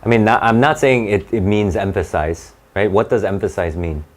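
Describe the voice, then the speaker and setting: A low-voiced young man runs a test-prep class. He talks in a halting, chatty way and keeps restarting his sentences as he works through each question. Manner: halting and conversational, with many restarts and fillers. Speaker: SAT tutor. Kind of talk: live classroom lesson.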